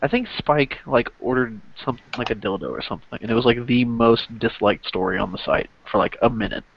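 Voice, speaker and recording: A man's voice: mid-range voice, brisk, vocal fry, muffled recording. A young American man telling rambling, laid-back stories in a casual group voice chat. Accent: American English.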